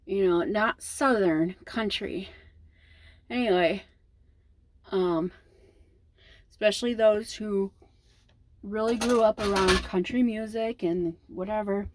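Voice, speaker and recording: A young woman from the Midwest with a Midwestern accent, rambling casually to camera in a vlog, with lots of ums and trailing pauses. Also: medium pitch. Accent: Midwestern American. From American Midwest. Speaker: vlogger.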